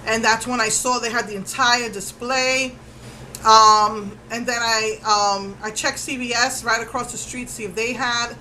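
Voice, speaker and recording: Bright-voiced woman telling a rambling story. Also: a little high, a little slow, a little hiss or hum, rough recording. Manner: rambling, animated retelling with many fillers. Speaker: vlogger. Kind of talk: casual storytelling vlog.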